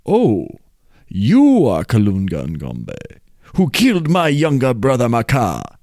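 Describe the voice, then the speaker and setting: A man's voice: medium pitch, huge pitch swings, slow pace, darkish tone, dry recording, studio quality, full character voice. A man voicing Ngunza, a determined young man set on bringing his dead brother home. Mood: resolute.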